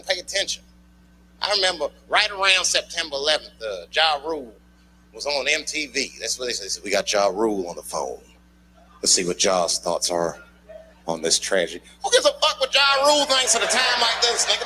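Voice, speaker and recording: A man performing a stand-up routine, telling a loose, profane story and shouting his punchlines. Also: high voice. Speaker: stand-up comedian. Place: comedy club stage before a live audience. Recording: noisy live club recording.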